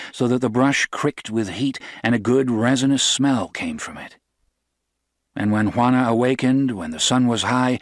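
A man narrating a novel as an audiobook, in a steady, even storytelling voice. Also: medium pitch, dry recording, studio quality.

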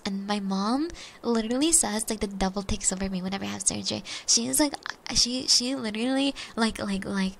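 Young woman, streamer, ASMR chat, rambling stories, casual swearing, vocal fry, faint background hiss. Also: a little high. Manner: rambling, casual, swears freely, trails into soft whispers. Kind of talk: chatty ASMR stream storytelling.

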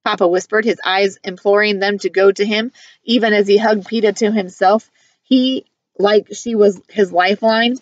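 A woman reading a first-person novel aloud in a measured, earnest storytelling manner. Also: medium pitch, fairly even intonation, dry recording, lo-fi sound. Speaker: audiobook reader.

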